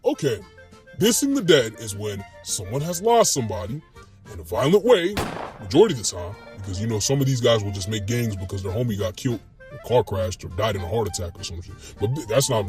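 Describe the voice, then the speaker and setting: A man's voice: medium pitch, sing-song, a little fast, darkish tone, faint music behind. A man telling a comic street story in a loose, slangy way, laughing as he goes. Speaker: comedian telling a skit.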